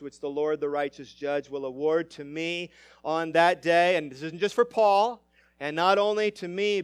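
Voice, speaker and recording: A man pastor preaching a sermon emphatically, his loudness rising and falling. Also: a little high, clear, resonant tone, no echo.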